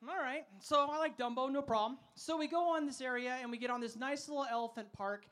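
A man preaching at a festival in a high, bright voice. He is lively and funny and often calls on the crowd to answer back. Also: fast. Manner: energetic, asks the crowd to call back; humorous storytelling. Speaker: festival speaker. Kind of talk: sermon.

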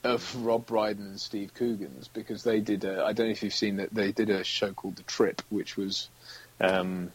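Husky British actor, rambling chat. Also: male voice, lowish voice, little pitch movement, normal speed, poor audio. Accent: British English. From United Kingdom. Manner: rambling, acts out quotes, laughs often. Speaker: actor, interview guest. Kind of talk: casual interview chat.

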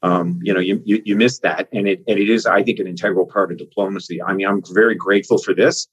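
A Newfoundland man with a low, slightly rough voice and a local accent talks fast with fairly even intonation. He's a government minister appearing as a podcast guest over a remote call, chatting casually in interview style with lots of fillers and restarts. The remote audio sounds dull and lo-fi.

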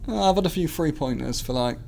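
A man's voice: on the high side, expressive, fast talker, vocal fry, dark tone, slight background noise. A young man co-hosting a football podcast from an office, chatting casually in a self-deprecating way and laughing easily. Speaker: football reporter, podcast co-host. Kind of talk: casual chat.

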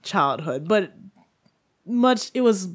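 A woman's voice: medium pitch, big pitch swings, takes it slowly. A woman co-hosting a casual podcast, chatty and giggly as she tells a true-crime story. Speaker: podcast co-host.

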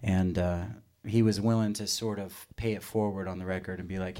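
A man in his thirties speaks in a fairly low, steady, warm voice, briskly and with hardly any pauses. He's a musician guest on a live radio show in a radio studio, chatting casually and telling rambling, joke-filled stories.

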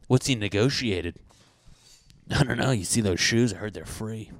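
A man's voice: on the low side, normal speed. A man in his thirties in casual comedic chat, rambling and swearing, often acting out mock dialogue.

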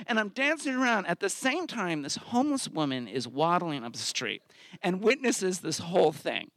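A man's voice: on the high side, big pitch swings, moderate pace, fairly bright tone, no room sound, studio quality. A man hosting a live story slam, telling a comic personal story and acting out the quotes in it with big swings of his voice. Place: theater stage.

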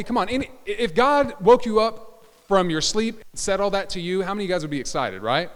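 Animated high-voiced male pastor preaching. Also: fairly quick. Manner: animated, joking, audience asides. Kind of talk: sermon. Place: church sanctuary. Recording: church hall reverb.

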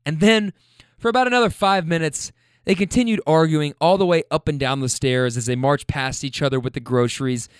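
Dude casually telling a story, swears a lot, kinda high voice, dry close mic. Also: male voice, a little fast, smooth, no room sound. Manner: chatty, profane, laid-back with self-deprecating asides. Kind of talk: casual spoken anecdote.

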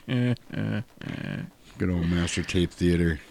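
Low-voiced man chatting casually. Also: extremely slow, creaky. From United States. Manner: animated, laughs often, swears casually. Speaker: podcast host. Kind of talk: casual chat.

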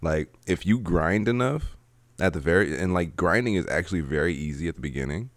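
A man talking games casually, relaxed and a bit hesitant with fillers. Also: sits low, a little fast, dry recording. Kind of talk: casual gaming chat.

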